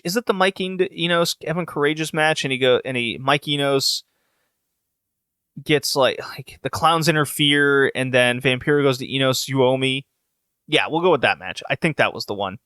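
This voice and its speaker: A young adult man hosts a casual podcast recap, rambling, swearing freely and restarting sentences. His voice is fairly high and bright. The recording is dry and close. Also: normal speed, clear, resonant tone, no echo. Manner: rambling, profane, many restarts. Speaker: podcast host.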